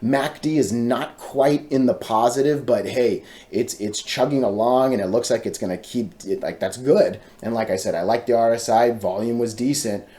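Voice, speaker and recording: Excitable man rattling through stock charts. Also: mid-range voice. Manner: excitable, repeats words in rapid chants; talks to viewers directly, frequent "right?" and "all right?". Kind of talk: casual stock chart commentary.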